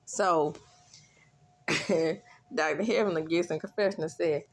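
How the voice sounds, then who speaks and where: A woman hosting a casual reality TV recap, chatty and animated, with laughing asides. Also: on the low side, measured pace.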